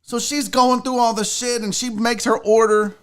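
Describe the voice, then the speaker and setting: A man's voice: very high voice, normal speed, smooth. A man hosting his own show, telling a comic story as a profane, sarcastic rant. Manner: animated, swearing, sarcastic. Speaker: sports show host.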